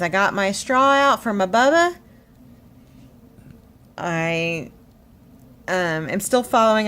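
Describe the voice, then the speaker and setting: Casual home vlogger woman, acts out quotes, bit shaky, faint hiss. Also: on the low side. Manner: animated storytelling, acts out quotes. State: shaky, emotional. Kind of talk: casual chatty vlog update.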